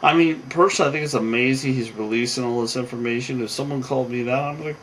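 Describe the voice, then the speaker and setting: Tired guy rambling thru a show recap, lots of ums and restarts, normal pitch, bit of faint room noise. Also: fast talker, fairly bright tone, rough recording. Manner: rambling, full of fillers and restarts. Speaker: show commentator.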